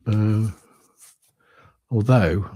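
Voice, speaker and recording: A man's voice: on the low side, very slow, mellow, husky. A British man hosting a trading livestream, talking casually over charts and thinking aloud with lots of fillers. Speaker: crypto trading livestream host. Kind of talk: casual live-stream chart commentary.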